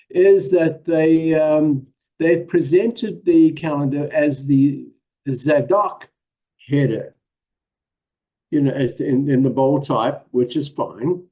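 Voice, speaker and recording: A man's voice: a little high, mellow, poor audio. A man with a South African accent, giving a casual presentation as a guest, modest and hesitant, with many ums and small laughs.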